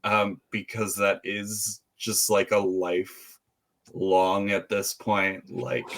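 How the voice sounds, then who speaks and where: A man co-hosting a podcast in relaxed casual chat, rambling with plenty of filler words. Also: deep voice. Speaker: podcast co-host.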